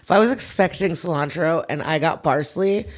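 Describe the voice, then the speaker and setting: A woman's voice: low-pitched, moderate pace. A woman comedian talking as a podcast guest, frank and reflective, often restarting her sentences. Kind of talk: casual chat.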